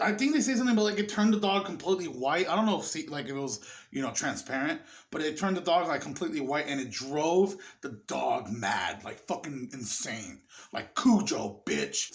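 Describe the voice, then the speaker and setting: A man with a somewhat high-pitched voice talks through a film in a loose, rambling way. He curses freely and gets carried away with excitement, sounding a little tipsy. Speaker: movie reviewer. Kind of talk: casual film review.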